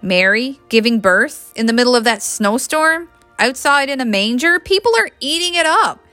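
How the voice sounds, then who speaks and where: A woman reading the lines of a brisk, pushy young woman who teases and presses. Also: high-pitched, animated, pushed and bright, no echo, soft background music, voice pushed up. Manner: teasing, pressing.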